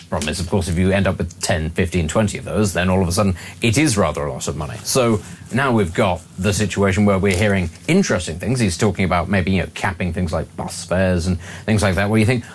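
Fast-talking low-voiced man. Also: a little hiss or hum. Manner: brisk, acts out politicians in quoted voices. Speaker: political commentator. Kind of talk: opinionated political talk.

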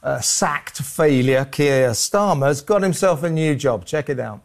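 A man's voice: a little high, lively intonation, measured pace, vocal fry, noisy background. A man from Britain hosting an opinionated political chat show, sarcastic and mocking. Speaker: host.

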